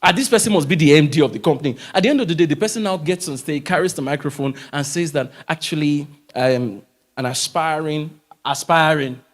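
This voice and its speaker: Brief: lively male speaker, high and swooping, emphatic, quizzes the crowd. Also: very fast, few pauses. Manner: emphatic, animated, asks rhetorical questions. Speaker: motivational speaker. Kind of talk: live talk to a church audience. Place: church hall, live audience.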